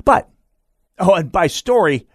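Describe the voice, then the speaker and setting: A man's voice: high voice, lively intonation, unhurried, slightly rough, dry recording, studio quality. A man hosting a political talk radio show, delivering a sardonic, mocking monologue with frequent stammered restarts.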